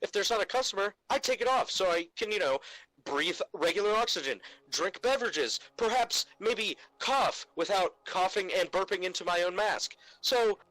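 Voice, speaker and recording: Over a remote call mic, this young man's high, sharp, animated voice comes through at a moderate pace on a dry, rough recording. Co-hosting a podcast, he vents in casual chat about work customers with exasperated ranting, mimicking them in mock voices.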